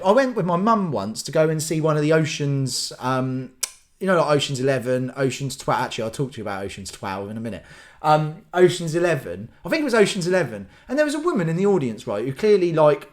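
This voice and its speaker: A man's voice: a little high, sing-song, fairly quick. A young man ranting casually in a solo vlog, rambling and acting out little scenes in silly voices. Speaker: vlogger.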